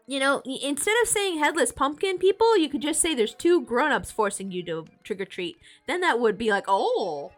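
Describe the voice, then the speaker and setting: A woman with a fairly high voice reads a storybook aloud on a live stream, narrating at an easy pace and stopping now and then to chat with viewers. Faint music plays under her streaming mic. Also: animated, brisk, hardly any pauses. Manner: chatty asides to chat, reads with small self-corrections.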